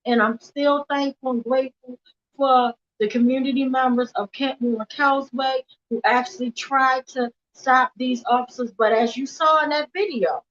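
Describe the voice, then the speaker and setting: Impassioned woman, fairly high-pitched. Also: fairly even intonation, moderate pace, a bit bright. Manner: earnest and emphatic, retelling events in a rush with repeated "literally" and "I'm like". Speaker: activist speaking at a weekly vigil. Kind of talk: impassioned personal testimony. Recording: dull lo-fi livestream audio.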